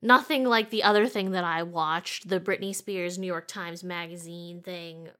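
A woman with a fairly low voice chats casually about movies with her co-host. She is giggly and talks loosely with lots of filler words. Her manner stays light and friendly. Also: steady tone, normal speed, fairly bright tone. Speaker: podcast co-host.

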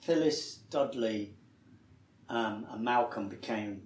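An actor being interviewed, telling stories with lively acted-out quotes and frequent laughter. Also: male voice, lowish voice, slow pace, roomy sound, slight background noise. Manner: animated storyteller, acts out quoted voices, laughs often. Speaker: actor guest. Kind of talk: anecdotal interview chat.

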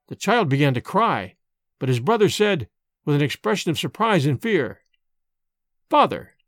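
A man reading an old-fashioned tale aloud, expressive and measured. His voice sits fairly high and rises and falls widely, close and dry on the mic. Faint music plays underneath. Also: dry recording. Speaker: narrator. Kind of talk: audiobook narration.

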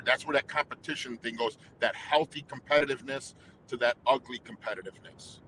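A man's voice: medium pitch, pushed and bright, slight background noise, low-quality recording. A middle-aged man, a singer, telling stories as a guest in an interview, talking intensely and emphatically. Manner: intense, emphatic, fast-flowing. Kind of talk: casual interview storytelling.

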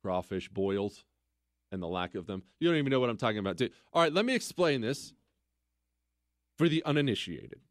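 Emphatic talk radio host, dry studio sound. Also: male voice, big pitch swings, a little fast, long pauses, no room sound. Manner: emphatic, swings between loud exclaiming and low muttering.

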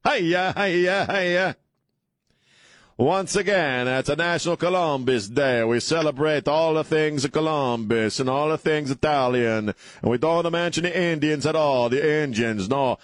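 Host doing a brash, jolly Italian-American guy, high and booming, dry studio. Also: unhurried, dry recording, natural voice. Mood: hammy. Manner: booming, sing-song, hamming it up.

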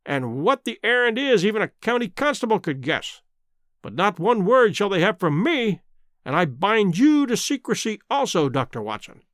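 A man putting on a spiteful old squire in a storybook reading, full of pompous indignation and bluster. The voice sits high and leaps about in pitch, caught on a dry close mic. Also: very animated, moderate pace, fairly bright tone, dry recording. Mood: excited.

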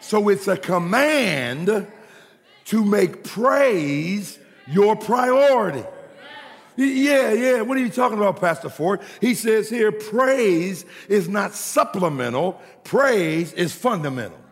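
Male pastor, high gravelly voice, preaching with humor, call-and-response, rising to shouts; long hall echo. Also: sing-song, takes it slowly. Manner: humorous asides to the congregation. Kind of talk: sermon.

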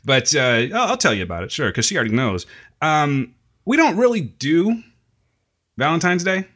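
Lively, bright-voiced man with a sore throat. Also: fairly high pitch, normal speed. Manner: jokey, laughs often. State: slightly sick throat. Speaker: podcast co-host. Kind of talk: casual banter.

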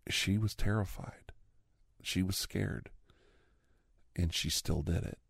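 A man in a whispered role-play, rambling in an earnest, sentimental way with soft whispered asides, close to the microphone. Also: low voice, slow, creaky, breathy edge, no room sound. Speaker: host playing a doctor character.

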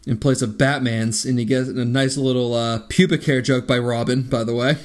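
A man's voice: medium pitch, fairly even intonation, normal speed. A man co-hosting a casual movie-review podcast, sarcastic and often laughing through his jokes. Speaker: podcast co-host.

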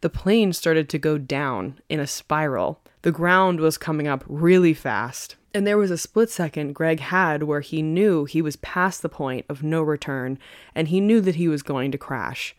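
A woman's voice: low voice, unhurried, dry recording, clean studio sound. A woman hosting a podcast, telling a story in a chatty, casual way and laughing often. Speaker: podcast co-host.

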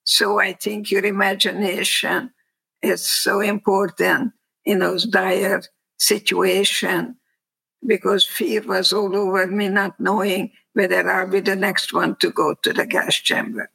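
A woman's voice: medium pitch, flat delivery, creaky, sharp tone, breathy edge, rough recording. An older woman from Hungary giving a reflective, plainspoken personal testimony as an interview guest. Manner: slow, reflective, plainspoken storytelling.

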